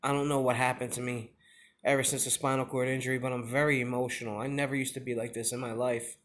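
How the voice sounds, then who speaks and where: A young father telling a personal story in a confessional vlog, emotional and halting, with many pauses and fillers. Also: medium pitch, little pitch movement, a bit bright. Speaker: father sharing his injury story.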